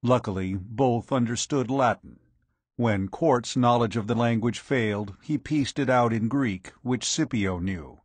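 A man narrating an audiobook in a measured, steady reading. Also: medium pitch, husky, no room sound.

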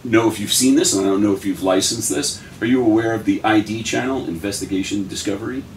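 A male host with a fairly low voice keeps a casual interview moving with short affirmations and quick explanations for listeners. He is recorded from a distance in a roomy space, with faint noise behind him.

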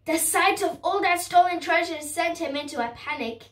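A woman reading a storybook aloud, carefully and haltingly, restarting words as she goes. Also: very high voice, far from the mic.

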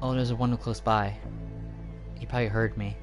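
A gaming host giving excitable let's play commentary, with shrieks and panicked outbursts. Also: medium pitch, moderate pace, music in the background.

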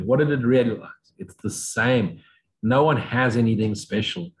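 A man giving an unscripted spiritual lecture, blunt and profane, mocking other views in sudden high voices. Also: a little slow, poor audio. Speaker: spiritual teacher.

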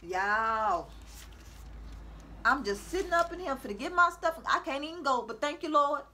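High bright-voiced woman preaching to viewers. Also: animated, moderate pace, a little hiss or hum. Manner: preachy, repetitive, calls out to her audience. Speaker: self-styled prophetic speaker. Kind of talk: informal religious exhortation to viewers. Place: at home.

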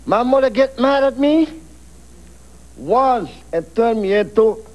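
A man's voice: extremely high pitch, lively intonation, takes it slowly, darkish tone. A man playing a contestant on a radio dating game, giving blunt, odd answers.

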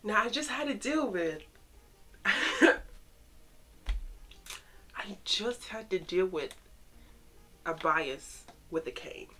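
A young woman chatting casually as she reacts to photos, excitable and teasing, talking straight to the pictures. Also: mid-range voice, slow pace. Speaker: fan vlogger reacting to photos.

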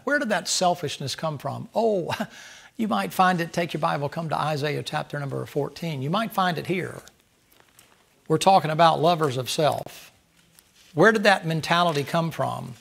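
A man preaching a Bible study with a gravelly, fry-edged voice pitched a touch high for a man. He hammers points with rhetorical questions, rising loud and then dropping soft. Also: moderate pace. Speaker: pastor.

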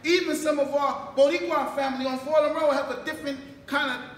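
High-voiced New man preaching in an echoey hall. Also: steady tone, a little fast. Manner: rhetorical questions, calls for responses, builds to shouts. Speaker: mosque minister. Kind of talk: sermon. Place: mosque hall. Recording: echoey room, distant mic, faint background noise.

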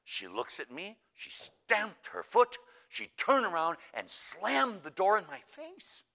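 Pria memerankan biarawati cemas yang tergagap. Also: male voice, mid-range voice, very animated, a little fast, pushed and bright, pitched above the performer's own voice. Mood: worried. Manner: worried, stammering, plaintive. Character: anxious fretful cloistered nun, older woman.

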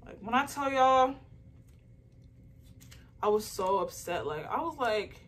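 Young woman vlogging on her phone while packing orders, chatty and animated, lots of "like", faint tape and paper crinkle behind. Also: on the high side, slow, far from the mic, slight background noise. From Nigerian heritage. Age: young adult. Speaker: small business owner vlogger. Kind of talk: casual vlog chat while packing orders. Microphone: phone camera.

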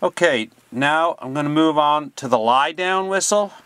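A man's voice: fairly high pitch, lively intonation, normal speed, heavy background noise. Practical man teaching dog whistles. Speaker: sheepdog trainer. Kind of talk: instructional demonstration.

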